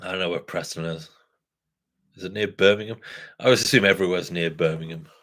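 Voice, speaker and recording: Low-pitched yet fairly bright, his steady voice moves at a quick pace as he hosts a craft beer channel. The chat with viewers is casual and rambling, full of self-corrections and chuckles.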